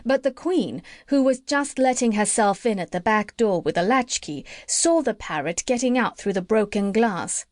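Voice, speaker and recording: A woman narrating a classic children's storybook in a gentle, measured way. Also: on the high side, lively intonation, no echo, studio quality. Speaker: audiobook narrator.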